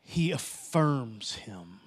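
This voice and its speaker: A man preaching a sermon as pastor, emphatic and repetitive, swinging between loud passages and hushed ones. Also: medium pitch, sing-song, very slow, slightly rough.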